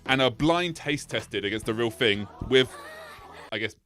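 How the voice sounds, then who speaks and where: A man's voice: unhurried, soft background music. A man hosting an anime explainer video, ad-libbing off his script, going on tangents and laughing as he talks. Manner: tangent-prone, laughs often, animated swings in pitch. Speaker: anime video essay host. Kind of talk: rambling, ad-libbed commentary.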